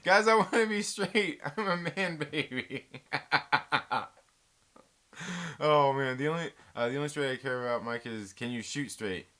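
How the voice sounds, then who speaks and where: A man's voice: on the high side, a little slow, bright, forceful tone. A man hosting a casual live movie chat stream, joking around and rambling as he answers viewers in the live chat.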